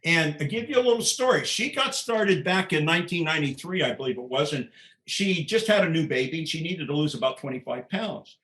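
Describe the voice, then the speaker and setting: A man's voice: on the high side, expressive, fairly quick, a bit bright. An older man speaking emphatically in a podcast conversation, often tagging his points with "okay?". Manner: emphatic, keeps adding "okay?". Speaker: podcast guest.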